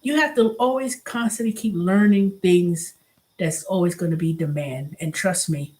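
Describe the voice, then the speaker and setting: This middle-aged vlog host has a fairly low voice and a moderate pace. She vents in an animated way, acting out quoted voices and often restarting and repeating herself on her casual show.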